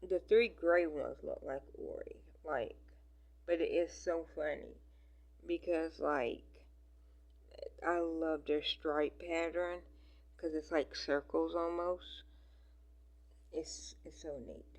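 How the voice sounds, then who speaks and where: A woman chatting casually on her vlog, rambling with many fillers and dropping into soft whispers at times. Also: low-pitched, steady tone, slow, creaky, long pauses. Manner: rambling, filler-heavy, affectionate talk. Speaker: vlogger. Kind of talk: casual chat.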